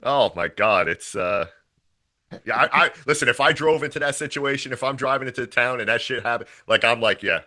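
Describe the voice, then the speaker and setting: Bright-voiced laughing podcast guy. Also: mid-range voice, fairly quick. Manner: profane, laughing, animated storytelling. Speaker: podcast co-host. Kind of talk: casual horror movie review chat.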